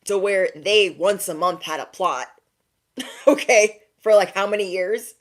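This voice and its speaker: A woman's voice: mid-range voice, measured pace. A young woman giving a direct-to-camera spiritual pep talk as an intuitive reader, emphatic and slangy, often checking in with "okay?".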